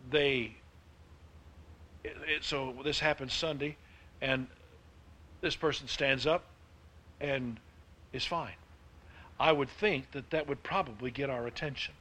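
A man preaching a sermon, with emphatic delivery that swings between hushed and loud. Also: medium pitch. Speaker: pastor.

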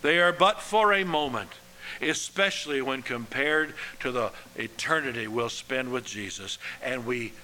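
Man preaching slow and earnest, bright tense voice, a bit of hiss behind. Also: medium pitch, animated, poor audio. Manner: slow, earnest preaching with soft, dropping phrase endings. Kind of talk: sermon.

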